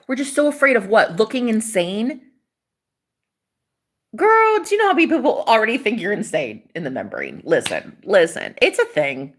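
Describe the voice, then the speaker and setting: A manifestation coach with a mid-range voice gives a casual vlog monologue. She's emphatic and profane, and she rambles from one point to the next.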